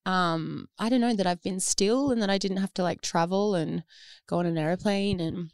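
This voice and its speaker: A woman's voice: on the low side, normal speed, clean tone, dry recording, clean studio sound. Giggly young Australian woman. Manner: giggly, self-mocking. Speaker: musician guest. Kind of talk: casual interview chat. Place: studio room at a label office.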